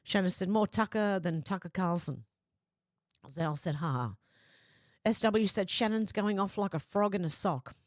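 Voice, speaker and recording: A woman hosts a casual livestream, reading viewer comments aloud in a chatty, laughing way. Her mid-range voice has lively intonation and a normal pace. She's close to a desk microphone, with no echo.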